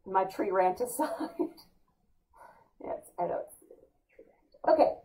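An upbeat, playful woman from California hosts a casual weekly spiritual talk. Her voice sits at an ordinary middle pitch. She jumps into high, excited put-on exclamations. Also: slow, rough recording. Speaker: host.

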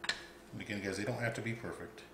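A man's voice: on the low side, steady tone, brisk, gravelly. A man hosting a casual cooking demo, chatting to viewers and calling them guys. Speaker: cooking channel host. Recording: echoey room with background noise.

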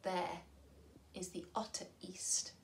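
Courtly storybook mouse, earnest and solemn, slow and hushed, read by a woman. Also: on the low side, little pitch movement, gravelly, in a whisper. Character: brave, noble, courtly male talking mouse.

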